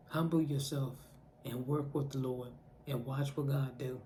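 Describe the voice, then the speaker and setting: Woman preaching in a mellow voice. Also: a bass voice, fairly even intonation, measured pace, slight background noise. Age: adult mother. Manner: preaching directly to the listener, repetitive urging. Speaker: faith vlogger giving encouragement. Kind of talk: impassioned spoken exhortation.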